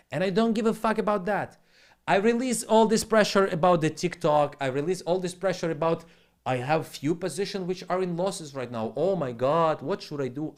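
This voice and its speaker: Blunt, rambling male streamer with a slightly high voice, swears freely and talks in broken English, desk mic at home. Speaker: trading live streamer. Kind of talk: casual live stream monologue. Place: home live stream setup.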